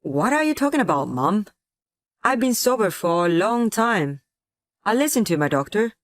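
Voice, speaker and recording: A woman voicing a defensive, sick husband in a text-message story, read in a flat synthetic way. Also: medium pitch, moderate pace, no echo, natural voice. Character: sick abusive husband, adult man, defensive.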